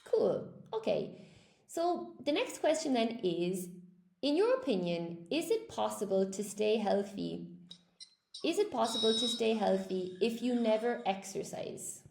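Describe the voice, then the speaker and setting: Woman English teacher, live stream host, gravelly voice, echoey room with faint background noise. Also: fairly high pitch, sing-song, measured pace, a little mellow. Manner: upbeat, encouraging, reads out comments. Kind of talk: live stream chat with viewers.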